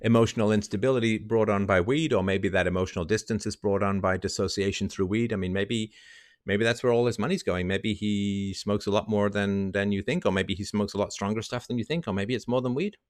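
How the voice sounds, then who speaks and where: A man's voice: lowish voice, fairly quick, no room sound, clean studio sound. A man hosting a call-in advice show, talking bluntly and emphatically, swearing now and then, with a wry edge.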